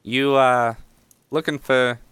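A man's voice: mid-range voice, steady tone, slow, background noise, pitched above the performer's own voice, close to an everyday voice. A man voicing a cocky older halfling boy with a New Jersey accent. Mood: brash. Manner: brash, boastful.

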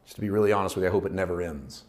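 Middle-aged man, pastor, low voice, easygoing sermon delivery that rises and drops in volume. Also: very fast. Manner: reflective, conversational preaching with swings in loudness.

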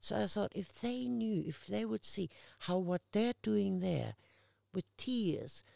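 Woman interview guest, very gravelly, slow and unhurried, slips into other people's voices as she tells stories. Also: medium pitch, no echo. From Australia. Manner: animated storyteller acting out quoted voices. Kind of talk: casual storytelling conversation.

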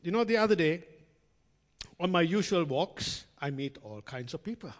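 A man delivers a sermon in a warm, conversational way, addressing his listeners as friends and slipping into the voices of the people in his stories. His voice sits a little high and moves up and down a lot. A long reverb trails behind every phrase, as in a large hall. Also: lively intonation, normal speed. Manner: acts out quoted voices in storytelling. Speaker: preacher. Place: church hall.

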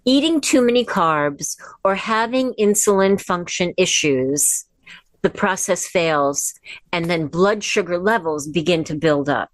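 A woman hosting a casual instructional livestream from home, chatty and encouraging, slowing down when she guides imagery. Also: lowish voice, lively intonation, dry recording. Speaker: wellness host. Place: at home with her dog. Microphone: device camera.

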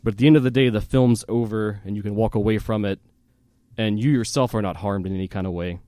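Animated male podcast storyteller. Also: on the low side, quick pace, no room sound, studio quality. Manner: animated storyteller, fillers and self-laughs. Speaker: podcast host. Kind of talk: casual storytelling chat.

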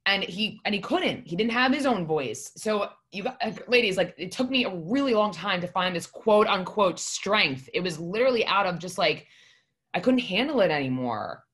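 A woman's voice: medium pitch, animated, normal speed, a bit bright, slightly rough. A woman guest on a podcast, telling her story in a candid, rambling way and swearing for emphasis. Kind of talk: casual podcast conversation.

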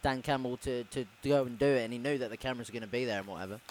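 A man's voice: mid-range voice, rapid-fire, a little mellow, a little hiss or hum. A man co-hosting a sports podcast, chatting casually with hesitant ums and a wry edge. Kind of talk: casual chat.

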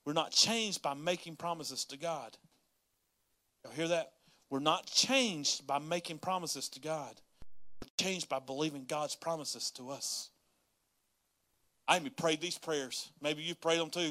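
Bright-voiced preaching man. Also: on the high side, unhurried. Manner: folksy Southern-style preaching, rising to yelling in acted prayers. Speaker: pastor. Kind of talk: sermon.

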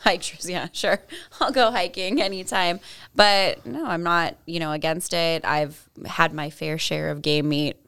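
A woman, a podcast guest, talking in a relaxed, casual way. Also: fairly low pitch, unhurried, clean tone, no echo. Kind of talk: casual chat.

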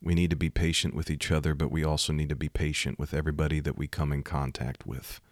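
A man's voice: rumbling low, level tone, quick pace, no room sound, studio quality. A man hosting a Christian podcast, telling a story in an earnest, folksy way. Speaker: podcast host. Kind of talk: storytelling devotional podcast talk.

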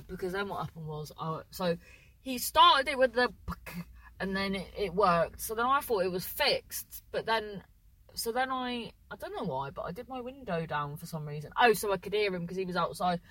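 A woman's voice: fairly low pitch, fairly bright tone, low-quality recording. A young woman telling a long, rambling story in casual chat, correcting herself often and acting out what people said, with the odd swear word. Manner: rambling, self-correcting, with lots of "so then"; swears casually, acts out voices in quotes. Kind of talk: casual anecdote.

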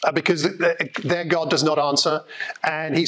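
A man delivering a sermon with the easy feel of a story told to friends. He keeps it animated and lively, dropping in casual asides. His voice sits a little on the higher side. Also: brisk, low-quality recording. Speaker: preacher.

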